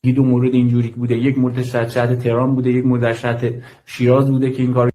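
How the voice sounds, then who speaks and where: Man from iran, medical aid worker, dark mellow voice, quick delivery, measured, repeats key points. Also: medium pitch, completely flat delivery, low-quality recording. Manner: measured, deliberately repeats himself. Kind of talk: recorded statement in a played clip.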